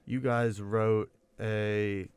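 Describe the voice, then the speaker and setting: Guy hosting a podcast, smooth clear voice, dry sound, friendly chat. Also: on the low side, level tone, drawn-out words, a little mellow, no room sound. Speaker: podcast host. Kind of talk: casual podcast interview.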